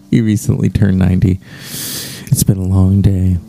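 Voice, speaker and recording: A man hosts a solo podcast in a casual, rambling monologue, pausing and restarting as he goes. His voice is low and gravelly with a dark, mellow tone, and faint music plays underneath. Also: flat delivery. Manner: rambling and conversational, with hesitations. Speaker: podcast host.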